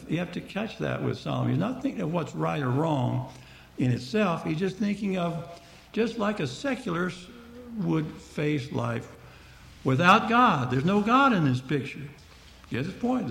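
A man's voice: on the high side, creaky, fairly bright tone, echoey room, slight background noise. A man preaching a Bible-teaching sermon, speaking conversationally and explaining the text verse by verse to his listeners.

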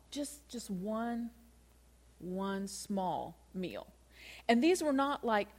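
A woman's voice: medium pitch, fairly bright tone. A woman giving a conversational Bible teaching, talking through the passage and asking her listeners rhetorical questions. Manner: chatty, asks rhetorical questions.

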